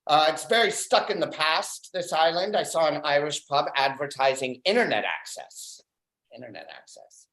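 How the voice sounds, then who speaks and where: On a club stage at an open mic, a comedian with a mid-range voice works through deadpan, dry one-liners. He often stalls on fillers between jokes, and the sound carries a spacious club echo.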